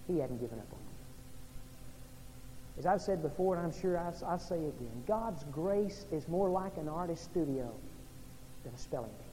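A man from Oklahoma or Texas, a pastor preaching an evening sermon in a church, swinging between loud and hushed delivery. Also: lively intonation, normal speed. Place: church sanctuary. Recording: long reverb in a large hall, faint rumble.

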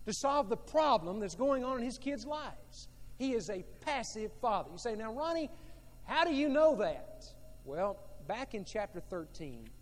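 A male pastor delivers a sermon in a high voice. He is emphatic and repeats his points, moving between loud and quiet. The long reverb of a large church hall trails every phrase. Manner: emphatic and repetitive, swinging between loud and hushed.

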